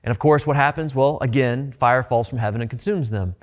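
A man's voice: mid-range voice, brisk. A middle-aged male pastor delivering a sermon in an easy, conversational way. He stresses his points and circles back with repeated phrases to drive them home.

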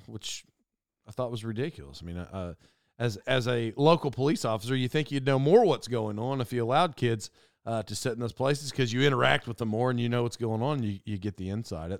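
This podcast host has a somewhat high, clean-toned voice, recorded in a clean studio with no room sound. He rambles through a solo monologue full of digressions and self-interruptions, ranting and getting worked up over small things.

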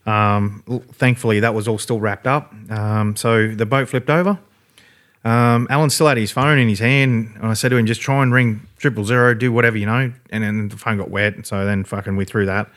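A man's voice: fairly low pitch, fairly even intonation, normal speed, a bit bright. An Australian man telling a story in a rambling, laid-back way, swearing freely. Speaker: podcast guest. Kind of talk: casual storytelling.

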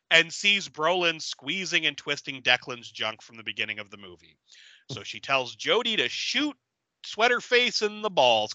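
A man's voice: on the high side, bright, forceful tone, no room sound, dull audio. A man hosting a casual podcast, recapping a movie with profanity and acting out the characters' lines. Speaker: podcast host.

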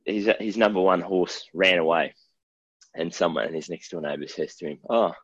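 A man's voice: deep voice, normal speed, a bit bright, husky, dry recording. A man with an Australian accent, co-hosting a podcast in casual chat and telling stories in a laid-back, jokey way. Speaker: podcast co-host. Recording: dull, dry lo-fi recording.

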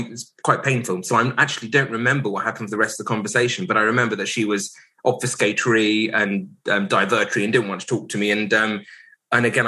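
A man in his forties, a solicitor guest on a podcast, telling a painful personal story candidly, reflective and hesitant with many pauses and restarts. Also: medium pitch, bright, forceful tone, rough recording.

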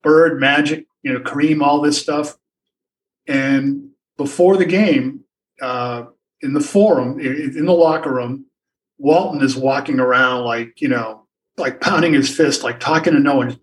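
A man's voice: mid-range voice, unhurried, recorded from a distance, poor audio. An older man, a sportswriter guest, telling stories in a rambling way with many restarts and asides. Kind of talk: anecdotal storytelling in a podcast interview.

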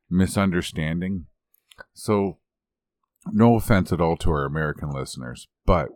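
A Canadian man with a very deep voice tells a rambling story in easy podcast chat, poking fun at himself. His voice sits close and dry, with no room around it. He laughs his way through the telling. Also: no echo. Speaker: podcast co-host.

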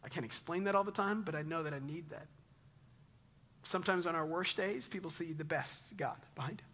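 A man's voice: fairly high pitch, fairly quick, sharp tone. A male pastor preaching a sermon, telling a personal story in a conversational way and dropping to a near whisper at tender moments.

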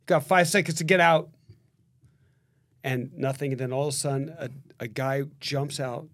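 A man co-hosting a casual podcast, telling a story with lively acted-out dialogue. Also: medium pitch, normal speed. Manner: animated storyteller acting out dialogue. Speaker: podcast co-host, realtor.

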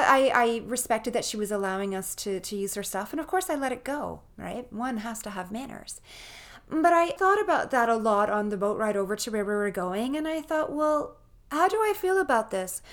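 Earnest middle-aged woman telling a story. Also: medium pitch. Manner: earnest and animated, with frequent restarts. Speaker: podcast host and shamanic practitioner. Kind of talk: personal storytelling monologue.

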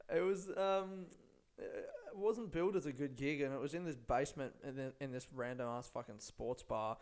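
Swearing, rambling young man with a smooth voice. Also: medium pitch, moderate pace, darkish tone. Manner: rambling, laid-back, heavy swearing. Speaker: stand-up comedian and podcast host. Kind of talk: casual solo podcast monologue. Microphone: podcast microphone.

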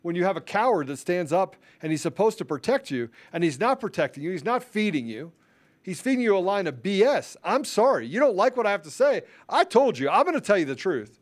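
A man's voice: high-pitched, very animated, brisk. Fired-up male commentary host. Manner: fiery, repetitive, emphatic, rising into shouting; self-described introvert. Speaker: show host. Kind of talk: political commentary rant.

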